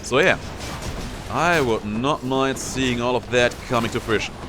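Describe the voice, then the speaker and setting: A man's voice: mid-range voice, unhurried, over music. A young man giving casual commentary on his own gameplay, playfully taunting enemies as he goes. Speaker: gameplay streamer.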